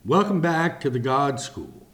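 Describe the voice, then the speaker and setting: A man teaching a sermon-style Bible lesson, speaking in slow, deliberate phrases with long pauses. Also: fairly high pitch, sing-song, a bit bright.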